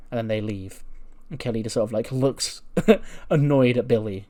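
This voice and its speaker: A man casually narrating a wrestling management game playthrough, animatedly acting out the characters' lines. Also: mid-range voice. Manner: animated storyteller, quick voices for characters. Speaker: gaming YouTuber narrating a wrestling sim.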